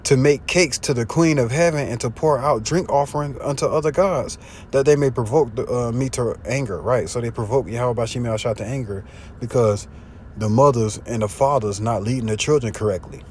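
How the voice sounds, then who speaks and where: A man preaching informally, slangy and profane, often asking if you see what he's saying, and reading scripture louder. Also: a little fast, slight background noise. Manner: louder and higher when reading scripture aloud. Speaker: street preacher. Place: in a car. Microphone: phone.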